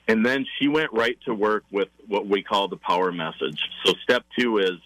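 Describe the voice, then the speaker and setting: A man with a lowish, bright voice, talking as a guest on a radio show. He explains parenting steps with enthusiasm and acts out what parents and kids say. The sound is dry and close to the mic. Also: moderate pace, no room sound, low-quality recording. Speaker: parenting class facilitator.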